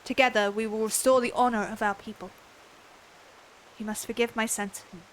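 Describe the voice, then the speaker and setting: A woman reading aloud the earnest, measured lines of a solemn warrior from a shunned people in a video game. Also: fairly high pitch, steady tone, slight background noise, lightly acted, rough recording.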